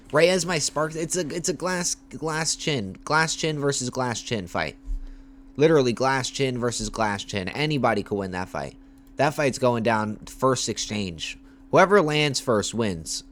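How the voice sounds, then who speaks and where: A man's voice: mid-range voice, expressive, unhurried, fairly bright tone. Young guy hyped up on a live stream, keeps repeating lines, slangy, faint room hum behind. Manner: hyped, repetitive, slangy, thanks viewers. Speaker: MMA livestreamer. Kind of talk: casual livestream commentary.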